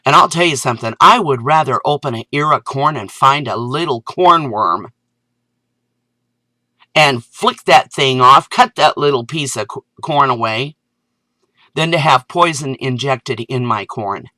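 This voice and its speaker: A woman vlogger delivering an indignant, sarcastic rant that climbs into loud exasperation. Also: very deep voice, lively intonation, a little slow, dry recording. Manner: sarcastic asides. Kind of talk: ranting video commentary.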